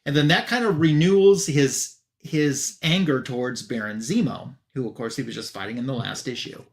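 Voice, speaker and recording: A man casually summarizing a comic book issue for a review show, chatty with loose fillers and quick asides. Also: mid-range voice.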